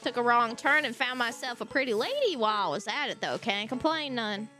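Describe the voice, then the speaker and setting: A woman streamer talks to her viewers in a bright, bubbly voice that swings high and low. She giggles and jokes as she plays. Faint game music hums behind her. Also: brisk. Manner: giggly, animated, chatting to viewers. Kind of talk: casual live-stream chat.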